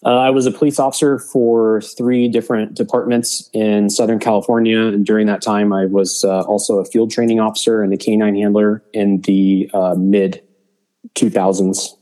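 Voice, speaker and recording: A man introducing himself as a former police officer and K9 handler, in a steady delivery. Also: lowish voice, normal speed, low-quality recording. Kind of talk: introduction to camera.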